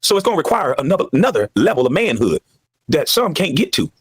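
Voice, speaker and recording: A former basketball player in a heated podcast monologue, ranting with emphatic repetition. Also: male voice, on the high side, sing-song, fast talker, husky, dry recording.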